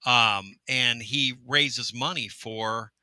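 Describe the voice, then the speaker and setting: A man's voice: mid-range voice, takes it slowly, sharp tone, no room sound. A man hosting a sports talk radio show, teasing and folksy. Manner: folksy, teasing, uses man and goodness gracious. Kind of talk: casual sports radio banter.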